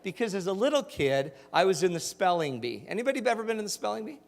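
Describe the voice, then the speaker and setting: Upbeat male keynote speaker in his forties, fairly high voice, full of asides and crowd questions, heard in a reverberant hall. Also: quick pace. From Utah. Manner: animated, jokey, asks the audience questions. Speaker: motivational speaker. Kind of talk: storytelling keynote talk.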